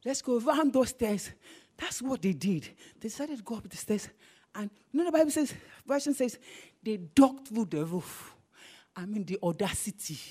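A married woman preaching a sermon, animated and swinging into bursts of shouting. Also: high voice, normal speed, slightly rough. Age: adult, married.

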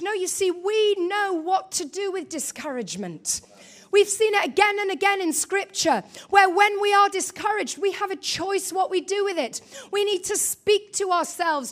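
Preaching a sermon, a woman with a very high voice speaks with animation and emphasis. She acts out her own quoted thoughts and keeps calling questions out to the congregation.

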